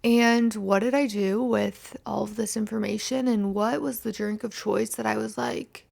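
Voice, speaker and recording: Hungover twenty-something woman rambling on her podcast, super gravelly fry, swears a lot, laughs at herself. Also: on the high side, steady tone, normal speed, darkish tone. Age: 20s. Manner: rambling, self-mocking, swears freely. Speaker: podcast host. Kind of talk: casual solo podcast chat.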